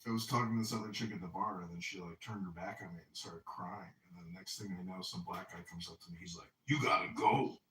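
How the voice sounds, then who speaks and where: A man's voice: low voice, level tone, quick pace, hardly any pauses, fairly bright tone. A man hosting a podcast, telling boastful rambling stories in crude casual banter. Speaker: podcast host. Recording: roomy distant mic with faint noise.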